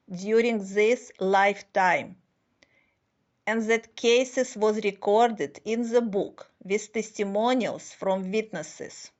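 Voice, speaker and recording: A woman giving a slow scripted monologue as a spiritual speaker, with deliberate, halting phrasing and non-native grammar. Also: medium pitch, muffled recording.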